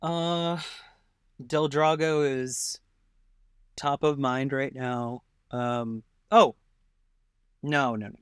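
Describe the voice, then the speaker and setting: A woman's voice: extremely low pitch, fairly even intonation, drawn-out words, long pauses, smooth, dry recording, clean studio sound. A woman co-hosting a casual history podcast, reacting with wry jokes. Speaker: podcast co-host.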